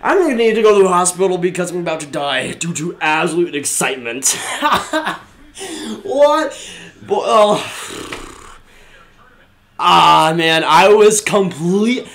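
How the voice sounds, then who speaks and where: A young man live streaming a watch-along, excitable, swinging from low muttered remarks to shouting and laughing. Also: normal speed, pauses often.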